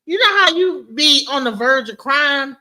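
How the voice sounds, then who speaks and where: A woman talks through a story from her past in a relaxed livestream chat. Her voice is bright and sits a little high. She jumps into quick impressions of the people she quotes. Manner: animated storyteller, mimics others in high voices. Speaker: DJ and guest.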